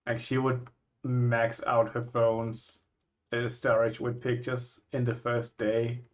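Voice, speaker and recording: A man from Scandinavia, a vlogger reacting to places in casual chat, musing and thinking out loud with frequent restarts. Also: mid-range voice, completely flat delivery, slow, dull audio.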